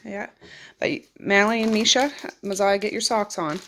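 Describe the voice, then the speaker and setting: A middle-aged mother and vlogger films her day at home on a handheld phone camera, chatting to her viewers in a homely, casual day-in-the-life way. Her voice is mid-range and a bit bright, with a steady tone and moderate pace, over slight background noise. The settings are her home and car in Nova Scotia.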